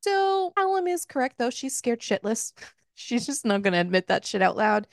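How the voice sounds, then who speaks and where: A woman co-hosting a book club podcast, retelling a romance novel in a casual, profane, animated way. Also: fairly high pitch, normal speed, dry recording, studio quality. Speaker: podcast co-host. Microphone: close podcast mic.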